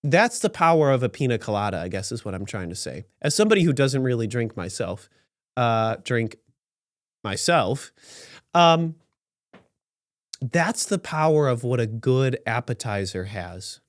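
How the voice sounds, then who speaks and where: A man's voice: mid-range voice, very animated, unhurried, pauses often, dry recording, studio quality. A man hosting a podcast, giving sarcastic and rambling commentary on news stories with many restarts. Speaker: podcast host.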